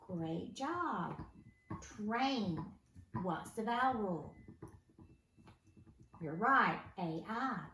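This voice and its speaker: A patient, encouraging woman teacher leads a phonics lesson and prompts young pupils to read each word. Her voice sits at a middle pitch and comes from some distance from the mic. The room sounds echoey, with a clear layer of noise behind her. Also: lively intonation, drawn-out words, pauses often, pushed and bright. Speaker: first grade teacher. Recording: roomy, distant, noisy home recording.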